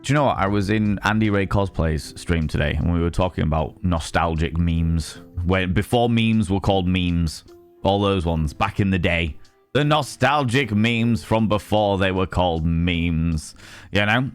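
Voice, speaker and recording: Guy streaming and goofing around with chat, deep-ish voice, chatty and rambly. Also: moderate pace, faint music behind. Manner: playful, rambling, greets viewers by name. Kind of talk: casual live-stream chat with viewers.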